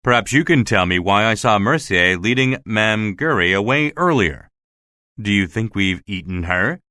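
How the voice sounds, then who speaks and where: A man's voice: fairly low pitch, animated, moderate pace, bright, forceful tone, no echo, clean studio sound. A man voicing an insistent, suspicious male theater official who keeps pressing questions, in a storybook reading. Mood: demanding.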